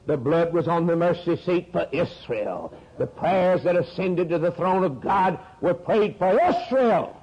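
Man, preacher, fervent sermon, fairly high pitch, husky voice, muffled old radio sound. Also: animated, measured pace, hardly any pauses. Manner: fervent, swings from low earnest to high rising emphasis.

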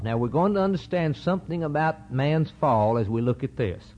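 A man's voice: fairly high pitch, animated, moderate pace, few pauses. A man preaching a sermon that explains Scripture, emphatic and repetitive, firing rhetorical questions. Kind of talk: sermon, Bible exposition. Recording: dull lo-fi recording.

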